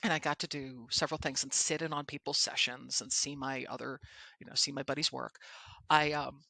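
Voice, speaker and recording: Podcast host, woman; animated storyteller, bright tone, dry close sound. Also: very deep voice, brisk, creaky, dry recording. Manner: animated storyteller who acts out quotes. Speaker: podcast host and presentation coach. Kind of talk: casual podcast chat.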